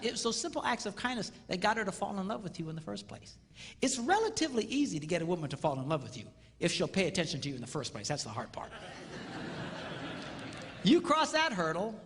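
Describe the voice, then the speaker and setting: A man giving a comedic marriage seminar on stage in a large hall, playful and animated, acting out little quotes and sound effects. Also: sits high, brisk, a little hiss or hum. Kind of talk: comedic live seminar talk. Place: large hall with live audience.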